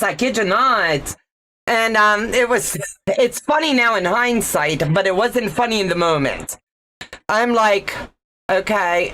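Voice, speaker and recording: A woman's voice: medium pitch, a bit bright, a little hiss or hum. A middle-aged woman hosting a live stream, telling a story in a chatty way, laughing often and greeting viewers by name. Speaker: livestream host. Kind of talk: casual storytelling livestream.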